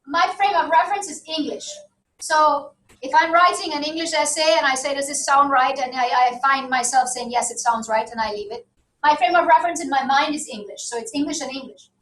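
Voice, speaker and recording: A woman's voice: sits high, fairly quick, fairly bright tone. A woman giving a university lecture in a classroom, chatty and often checking that the class agrees. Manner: conversational, asks the class for agreement. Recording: echoey room from far off.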